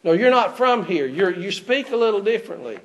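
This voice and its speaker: A male preacher with a raised, fairly high speaking voice works through a Bible passage for his congregation. He often stops to put rhetorical questions to his listeners. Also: sing-song, fairly quick, a bit bright. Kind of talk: expository sermon. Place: church.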